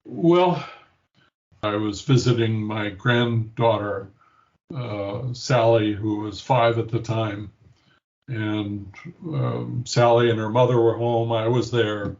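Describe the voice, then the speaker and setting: A man's voice: lowish voice, steady tone, takes it slowly, darkish tone, muffled recording. An older man, a grandfather, reflectively telling a personal story in an interview and acting out the quoted voices. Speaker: interview guest, patient.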